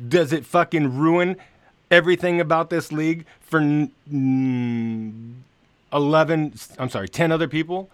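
A man with a fairly high voice ribs his co-host, sarcastic and mocking, dropping swear words as he goes. The sound is dry and close, with no room around it. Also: measured pace, smooth, no echo. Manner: sarcastic, teasing, swears freely. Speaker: podcast co-host. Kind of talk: casual banter.

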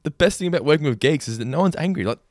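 A young man in casual chat as a podcast co-host, telling animated anecdotes and laughing often. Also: fairly high pitch, very fast, no room sound, studio quality.

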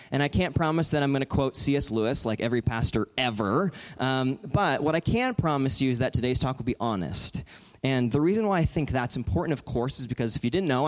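A man in his twenties giving an animated, joking storytelling talk to an audience in a large auditorium. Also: mid-range voice. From Southern California. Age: 20s. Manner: animated, joking, quick asides. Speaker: guest speaker.

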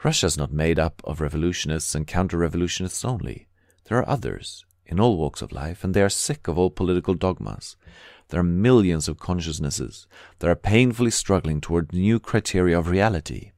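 A man's voice: low voice, expressive, a little fast, a little mellow, no room sound, studio quality. A man voicing a thoughtful young poet in an audiobook, speaking in a lofty, reflective way.

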